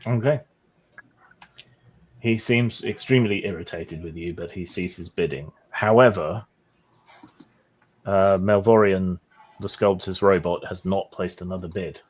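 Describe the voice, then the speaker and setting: A man narrates a tabletop game as its game master. His voice is low, and his narration is relaxed, with frequent fillers. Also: measured pace, pauses often.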